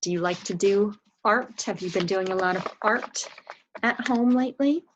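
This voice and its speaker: A woman's voice: medium pitch, normal speed, dull audio, background noise. A woman teaching a spelling lesson to young children, patiently sounding out words and spelling them letter by letter. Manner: patient, encouraging.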